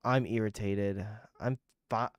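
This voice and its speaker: A man's voice: on the low side, steady tone, a little slow, clear, resonant tone, no room sound, studio quality. A young man streaming and chatting loosely with viewers, swearing and getting irritated as he rambles. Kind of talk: casual livestream chat with viewers.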